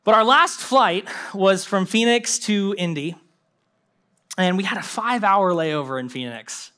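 Young pastor guy preaching, high bright voice, acts out little voices in his stories. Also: a little slow, clean tone. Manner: animated storytelling with mimicked voices and laughs. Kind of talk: sermon.

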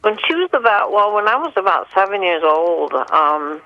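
A woman calling in to a radio show, speaking haltingly with many pauses and fillers. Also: mid-range voice, very animated, no echo. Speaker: caller. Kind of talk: call-in radio confession. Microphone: telephone. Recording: muffled phone line.

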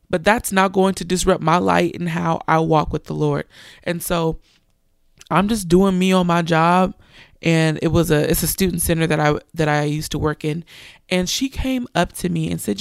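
A woman's voice: lowish voice, fairly even intonation, normal speed, vocal fry, clear, resonant tone, dry recording, studio quality. A young woman preacher, giving an earnest sermon testimony and animatedly quoting others.

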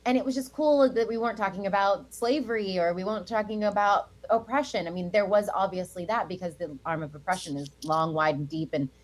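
Chatty American woman, quick laughs. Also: mid-range voice. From United States. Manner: chatty, laughs often, many fillers. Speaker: guest, Broadway actress. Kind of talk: casual interview chat.

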